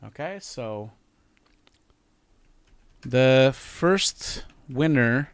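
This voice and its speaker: A man's voice: mid-range voice, animated, drawn-out words, clear, resonant tone, dry recording. A man in his forties hosting his own livestream, chatty and emotional, laughing often as he reads messages. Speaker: channel host. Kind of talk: casual livestream chat.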